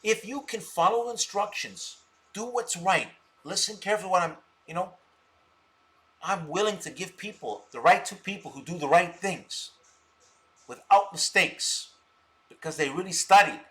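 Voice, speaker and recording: A man rants on a stock trading live stream in a high, bright voice. He boasts and mocks his viewers scornfully, breaking into loud laughter. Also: normal speed. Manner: scornful, boastful, mocking insults; bursts of loud laughter and shouting. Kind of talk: ranting live stream talk.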